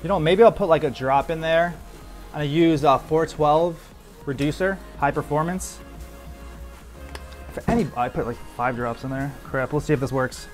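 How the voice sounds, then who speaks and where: A relaxed man talks through his airbrush work in a casual how-to style, with "like" and "man" scattered through his sentences. His voice sits a little on the high side. Soft music plays faintly behind him. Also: normal speed. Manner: relaxed, loose, says "like" and "man" a lot. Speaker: airbrush artist. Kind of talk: casual how-to commentary while painting.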